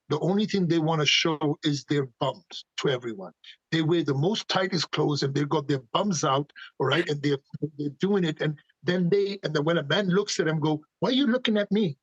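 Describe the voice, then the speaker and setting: A man's voice: on the high side, breathy edge, no room sound, muffled recording. A man speaking passionately as a podcast guest, firing off emphatic rhetorical questions. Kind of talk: animated conversational opinions.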